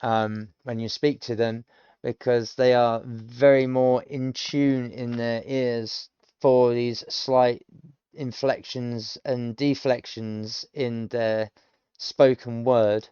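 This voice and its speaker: A British man in his thirties talks slowly and rambles through pronunciation notes with plenty of ums. His voice is smooth and sits in the middle range. The recording is dry and slightly dull. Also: medium pitch, little pitch movement, mellow, no echo. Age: 30s. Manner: rambling, explanatory, with many ums. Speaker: language learner streamer. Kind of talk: casual self-study commentary.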